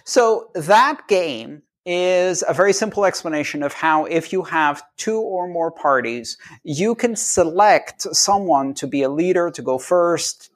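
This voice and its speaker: A man interviewed as a guest, explaining ideas in simple terms and briefly acting out the voices of people he quotes. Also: fairly high pitch. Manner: animated, acts out quoted people.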